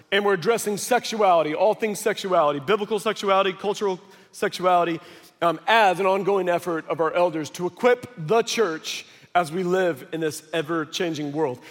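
Animated high-voiced male preacher, hall reverb. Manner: animated storytelling with acted quotes. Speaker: pastor. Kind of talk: sermon. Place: large church hall.

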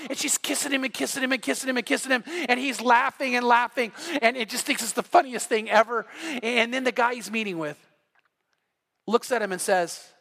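A male pastor delivers a sermon in a high, bright voice that carries over the room. He tells a story with plenty of animation and jumps into the voices of the people in it. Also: moderate pace, gravelly. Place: church sanctuary.

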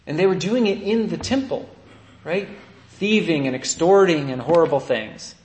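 A priest giving a relaxed, conversational sermon, telling stories and often checking in with his listeners by asking "right?". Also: high-pitched, a little fast, echoey room. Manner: storytelling, often asks "right?".

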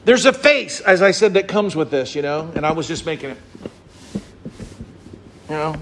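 A pastor preaches a sermon to his congregation at a moderate pace, with slight background noise. Explaining a psalm, he gets animated, acting out little scenes and voices with big swings in pitch.

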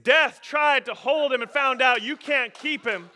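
A man pastor preaching a sermon, animated and emphatic, rising and falling in volume. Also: very high-pitched, measured pace, few pauses.

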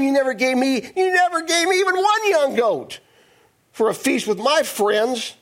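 Brief: man putting on a whiny, bitter older son, high and stretched-out. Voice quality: whining, drawn-out.

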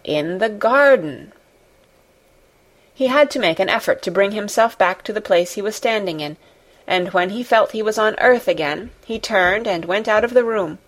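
A woman narrates a classic novel as an audiobook, her voice sitting at an ordinary middle pitch. Her reading is measured and gently expressive, unhurried through long descriptive sentences. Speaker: audiobook reader. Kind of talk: scripted narration.

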